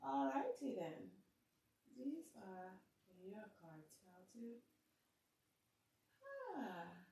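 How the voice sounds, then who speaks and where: A woman's voice: medium pitch, big pitch swings, slow pace, creaky, pauses often, dark tone, far from the mic, a little hiss or hum. Chatty woman reading tarot in a roomy space. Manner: chatty and playful, talks to the cards. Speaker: tarot reader. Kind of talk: casual tarot reading to camera. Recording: roomy sound, set back from the mic.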